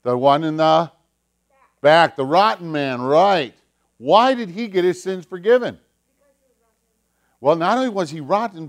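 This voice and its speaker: A pastor telling a story to children during a sermon, in an animated, emphatic way. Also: male voice, on the high side.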